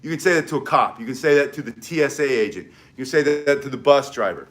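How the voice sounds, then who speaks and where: A man's voice: mid-range voice, quick pace, hardly any pauses, a bit bright. A man teaching self-defense, explaining and demonstrating moves with energy, sometimes moving away from the mic. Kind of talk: demonstration tutorial.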